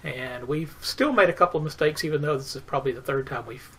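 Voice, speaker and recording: Person rambling about a board game, lots of uhs, bit husky. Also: medium pitch, quick pace, fairly bright tone. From United States. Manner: hesitant, lots of "uh" fillers. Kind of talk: casual recap to camera.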